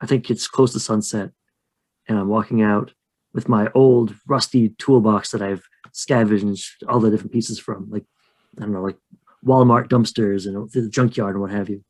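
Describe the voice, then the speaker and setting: A man's voice: on the low side, fairly even intonation, moderate pace, darkish tone. Chatty man narrating a tabletop game. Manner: chatty, joking, rambling. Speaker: podcast co-host and player. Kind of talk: casual tabletop role-play narration.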